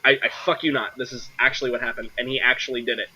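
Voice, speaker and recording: Husky bright-toned young man, lo-fi. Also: medium pitch, level tone, racing. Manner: rambling, lots of fillers. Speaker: game master. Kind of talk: casual chat over voice call. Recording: dull lo-fi sound.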